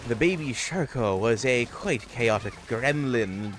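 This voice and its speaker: Hammy pirate put on by a male streamer; theatrical drawl, swinging pitch. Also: animated, a little slow, soft background music, close to an everyday voice. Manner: old-timey pirate slang, theatrical drawl. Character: hammy swashbuckling pirate, adult man. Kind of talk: playful role-play on a game stream.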